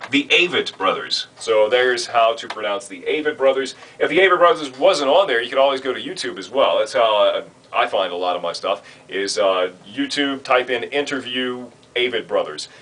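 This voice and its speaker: A man training new radio announcers, talking in a relaxed, conversational way with frequent fillers. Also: mid-range voice, normal speed, few pauses, rough recording. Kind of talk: instructional talk.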